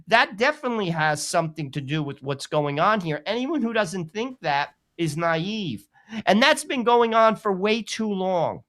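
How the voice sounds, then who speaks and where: A man co-hosting a live political talk show, delivering forceful rants that repeat their key phrases. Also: sits high, very animated, normal speed. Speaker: co-host.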